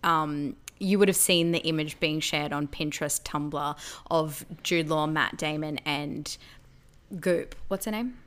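A woman's voice: sits low, a little slow, fairly bright tone, smooth. A young woman co-hosting a podcast, chatting casually and teasing her friend. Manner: playful teasing, laughs often. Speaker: podcast co-host. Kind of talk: casual chat.

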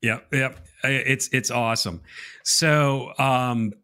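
A man hosting a live stream, speaking in an earnest, reflective way as he reads viewer comments aloud. His voice sits at an ordinary middle pitch, and his delivery is unhurried casual chat. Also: fairly even intonation, pushed and bright, clear, resonant tone. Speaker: co-host of a faith reaction stream.

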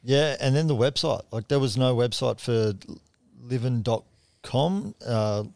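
A man speaking as a podcast guest, earnest and plain-spoken, with casual swearing. His voice sits in an ordinary middle pitch and is recorded dry and close. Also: a little slow, gravelly, darkish tone, no echo. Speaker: podcast guest, charity co-founder. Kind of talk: casual chat.

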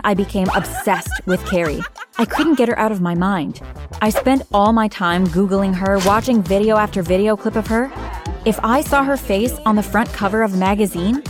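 A woman telling a first-person story in scripted narration, expressive and dramatic, with soft music behind her. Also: fairly high pitch. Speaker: narrator voicing a teenage girl.

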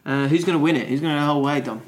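A man's voice: a little high, rapid-fire. A man hosting a casual podcast, chatty and jokey, reading out stories and bantering with co-hosts. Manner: chatty, jokey, reads news stories aloud. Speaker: podcast host. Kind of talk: casual chat.

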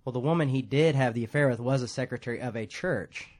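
A man's voice: mid-range voice, fast talker, a little mellow. A man preaching a casual, rambling sermon in a church, joking at his own expense and laughing often. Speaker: pastor.

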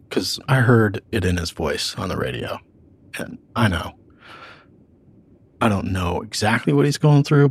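A man, a police detective, recounting an incident quickly and candidly, swearing casually. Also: fairly low pitch, husky.

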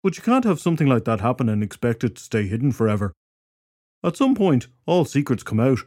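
A man voicing a chatty, cheeky druid in an audiobook, pitched a bit above his narrating voice. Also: big pitch swings, brisk, a little mellow, no echo, clean studio sound.

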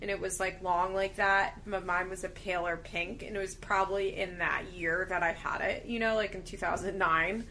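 A woman's voice: on the low side, fairly even intonation, moderate pace, few pauses, sharp tone, a little hiss or hum. A young woman co-hosting a podcast, chatting casually about a TV show and using lots of filler words. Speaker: podcast co-host. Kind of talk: casual chat recapping a TV show.

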